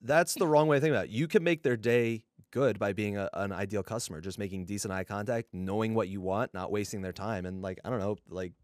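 A man co-hosting a casual podcast, telling animated stories and acting out what people said. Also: lowish voice, fast talker, hardly any pauses, dry recording, studio quality. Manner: storytelling, animated, swearing, acting out quotes. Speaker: podcast co-host.

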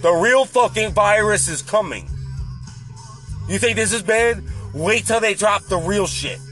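A man's voice: high voice, unhurried, fairly bright tone. A man delivering a heated, profane political rant in a casual monologue. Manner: heated, profane, repetitive ranting. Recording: faint music behind.

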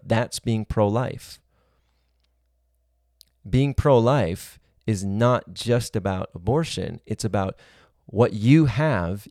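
A man preaching in an earnest, reasoning tone, stacking his points into long spoken lists. His voice sits low and sounds mellow and dark. The sound is dry and close, with no room echo. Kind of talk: sermon-style teaching.

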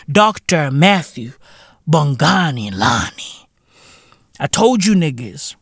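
Lively, slow-ranting male podcast host. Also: high-pitched, husky, no room sound, studio quality. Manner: animated, profane, keeps asking "right?". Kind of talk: comedic podcast rant.

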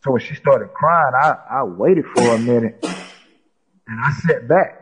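A man's voice: medium pitch, a little slow, fairly bright tone, breathy edge, low-quality recording. A man from South Carolina, a podcast guest recounting a personal story and quoting others with many "she said" tags. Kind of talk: storytelling in conversation.

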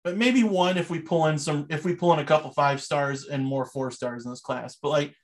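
A man's voice: a little high, brisk. A young man co-hosting a casual podcast, chatting loosely about sports and movies and laughing often. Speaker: podcast co-host.

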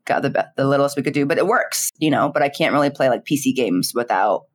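A young woman, a streamer, chatting in an interview in a giggly, animated way, full of fillers and quoted dialogue. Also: extremely low pitch, quick pace. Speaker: streamer and content creator. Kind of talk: casual interview chat.

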